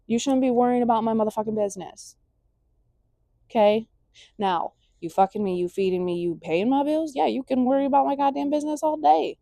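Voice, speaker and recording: A woman's voice: medium pitch, a little fast, dark tone, no room sound. A young woman vlogger delivering a blunt, emphatic casual rant, full of swearing.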